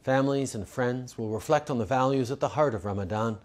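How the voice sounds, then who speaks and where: A man delivering a measured, earnest formal holiday address as a politician. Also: medium pitch.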